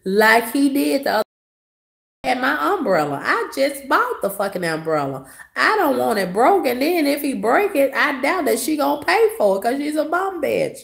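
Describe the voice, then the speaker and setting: A woman's voice: sits high, very animated, normal speed, creaky, roomy sound. A woman delivering a profane, sassy rant as a vlogger, coughing now and then. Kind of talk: ranting monologue.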